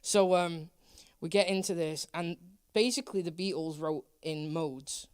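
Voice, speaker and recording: A woman's voice: on the low side, measured pace, a little mellow, smooth, no room sound. Young English woman, musician guest, playful and opinionated, dry studio sound. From England. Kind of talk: casual interview chat.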